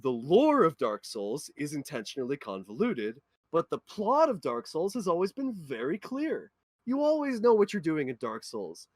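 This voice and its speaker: A man's voice: fairly high pitch, wildly swooping pitch, moderate pace, dry recording. A man in a casual podcast chat, passionately ranting about a game. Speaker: podcast co-host or guest.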